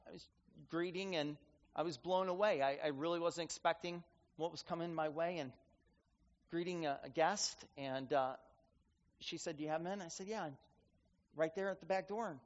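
Man preaching in a reverberant hall. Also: on the high side. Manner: storytelling, repeats phrases for emphasis. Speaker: pastor. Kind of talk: sermon. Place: church sanctuary. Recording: reverberant hall, dull sound.

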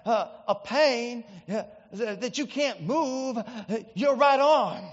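A man imitating a showy male TV faith healer preacher with a North Carolina accent, speaking in slow, solemn, drawn-out pronouncements. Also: extremely high pitch, in a large hall, dull audio, voice pushed up. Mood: sensing.

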